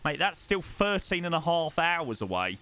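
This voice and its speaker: A man's voice: a little high, sing-song, normal speed, sharp tone, clear, resonant tone. A young man, chatting casually with viewers on a live stream and thanking them by name.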